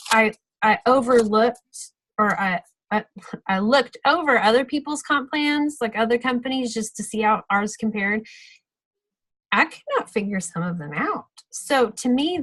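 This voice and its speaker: A woman's voice: mid-range voice, fairly bright tone, no room sound, rough recording. A woman giving a casual, practical training talk on a video call, chatty and full of fillers and self-corrections. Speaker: sales team trainer.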